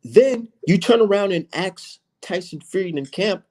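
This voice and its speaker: A man's voice: high-pitched, lively intonation, a little slow, warm tone. A man from the United States, a channel host arguing in a heated online debate, combative and mocking, swearing freely.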